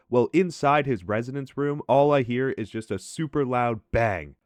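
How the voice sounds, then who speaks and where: A man's voice: mid-range voice, no room sound. Young man telling a wild story, dry mic. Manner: animated, swearing, acts out his own reactions. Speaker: storytelling commentary host. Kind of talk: casual storytelling over gameplay.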